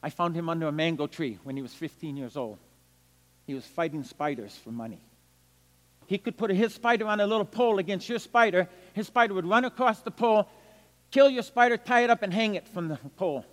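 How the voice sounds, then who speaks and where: Older man, high voice, missionary preacher, animated storytelling, loud-to-hushed swings, long hall echo. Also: fairly quick. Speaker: missionary evangelist. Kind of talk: storytelling sermon.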